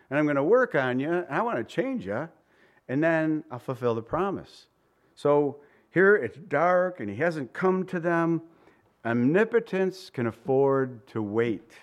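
Conversational preacher man, fairly high voice. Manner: conversational, dramatizes voices and quotes. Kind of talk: sermon.

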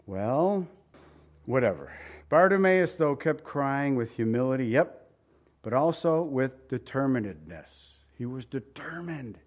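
A man's voice: on the high side, animated, a little slow. A man preaching a sermon in a folksy, joking way, with asides, repeated phrases and rhetorical questions.

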